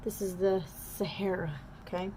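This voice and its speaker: A woman's voice: medium pitch, little pitch movement, normal speed, warm tone, a little hiss or hum. A woman, chatting casually and self-deprecatingly to viewers while doing a makeup tutorial at home. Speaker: makeup artist.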